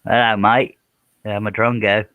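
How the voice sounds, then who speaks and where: A man's voice: on the low side, flat delivery, normal speed, no echo, narrow, tinny audio. A middle-aged man hosting a live stream, chatting casually, joking about himself and greeting viewers by name.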